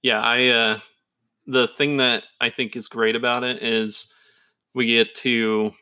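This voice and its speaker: Easygoing woman with a very deep voice. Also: level tone, slow pace, bright, forceful tone. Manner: easygoing, agreeable, short backchannels. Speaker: podcast co-host. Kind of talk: casual chat.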